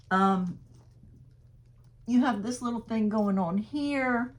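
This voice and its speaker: A resale seller speaks slowly in a slightly high voice, chatting and laughing often as she talks straight to her viewers. In this casual sales haul vlog, she shows off the purses she resells and gives their prices.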